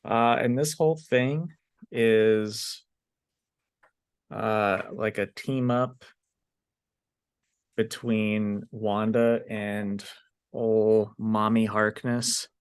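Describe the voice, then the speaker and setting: A man co-hosting a podcast, chatting casually about comic books in a relaxed, unhurried way with frequent fillers. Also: fairly low pitch, clear, resonant tone, dry recording. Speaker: podcast co-host. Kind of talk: casual comic book review chat.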